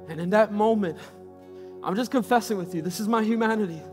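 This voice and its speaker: A man's voice: high-pitched, fast talker, darkish tone, faint music behind. A man preaching a sermon as a pastor, building passionate, repetitive cadences.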